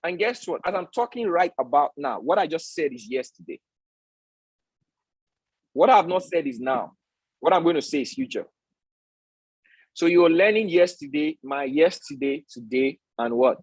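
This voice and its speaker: A man's voice: on the high side, lively intonation, moderate pace, long pauses, husky, no echo, poor audio. A man hosting a live-stream trading lesson, preaching his points and tagging them with rhetorical questions. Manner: preachy, repeats tag questions like "all right?"; asks the audience rhetorical questions. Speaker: trading educator and stream host.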